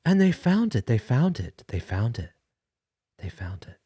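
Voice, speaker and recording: A man's voice: low voice, animated, a little slow, mellow, no echo, clean studio sound. A man voicing a sentimental male caller in a comedy bit who gushes and weeps about his feelings. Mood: emotional overwrought. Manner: weepy, gushing, dramatic apologies.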